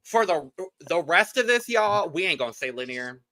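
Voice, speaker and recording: A man's voice: a little high, very animated, moderate pace, sharp tone. A man co-hosting a podcast and recapping a reality show, dropping wry, emphatic asides into casual chat. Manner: wry, emphatic asides and playful mock quotes. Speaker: podcast co-host.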